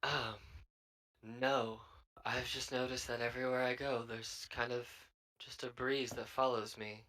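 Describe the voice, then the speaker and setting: A man's voice: medium pitch, little pitch movement, unhurried, pushed and bright, low-quality recording. A man playing a tabletop game, speaking in character in a laid-back, offhand way. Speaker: player. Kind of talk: tabletop role-play in character.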